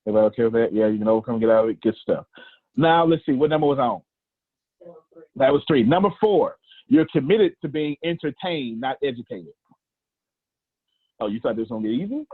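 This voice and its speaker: A man's voice: medium pitch, lively intonation, fast, breathy edge, no room sound. A man leading a group coaching call, emphatic, preachy and slangy, teasing his listeners as he goes. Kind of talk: lively coaching talk on a video call. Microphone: video call audio. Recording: tinny, dry call audio.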